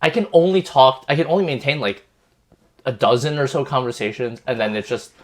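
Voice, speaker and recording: A man's voice: medium pitch, a little fast. A young man co-hosting a podcast, talking casually and rambling with many fillers and restarts. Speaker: podcast co-host. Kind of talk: casual group chat.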